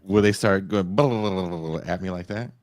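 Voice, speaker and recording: A man's voice: quick pace, no echo. A man co-hosting a podcast, chatting casually and teasing his co-hosts with a joking manner. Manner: joking, teasing, lively swings in pitch. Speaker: podcast co-host. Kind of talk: casual chat.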